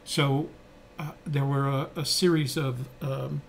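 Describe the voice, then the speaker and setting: A man's voice: medium pitch, little pitch movement, takes it slowly, vocal fry, slight background noise. An older man co-hosting a podcast, telling stories in a reflective, conversational way with frequent fillers and restarts. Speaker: podcast co-host. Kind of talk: reflective storytelling.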